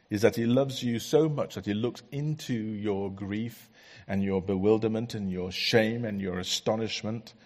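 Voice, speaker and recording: A man preaching a sermon in a church, earnest and conversational, letting many lines drop soft. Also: fairly low pitch.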